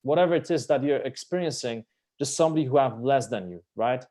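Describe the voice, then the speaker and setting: A male guest on a live stream tells stories in an animated, emphatic way, with casual swearing. His voice sits at a middle pitch for a man. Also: fast. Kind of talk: live-stream conversation, storytelling.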